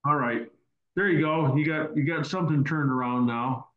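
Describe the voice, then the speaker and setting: A man's voice: a little high, moderate pace. A man hosting a casual question-and-answer teaching session over a video call, rambling and repeating words as he goes. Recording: roomy, dull online call audio.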